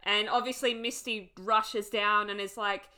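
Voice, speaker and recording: A woman co-hosts a casual TV recap, bright and forceful in tone. She chats freely, laughs easily and drops the odd curse. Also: medium pitch, fairly even intonation, unhurried. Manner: chatty, laughs often, swears casually. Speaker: podcast co-host.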